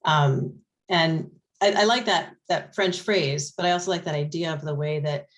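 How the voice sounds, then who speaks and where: Low-voiced, chatty woman moderator. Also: normal speed. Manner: chatty, enthusiastic, many "you know"s. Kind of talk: discussion talk.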